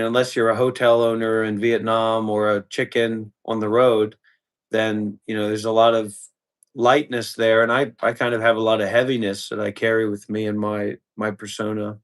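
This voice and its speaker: A man who streams live, talking in a casual, halting way with restarts, sounding tired. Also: on the low side. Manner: rambling, halting, repeats words. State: tired, yawning. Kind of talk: casual chat.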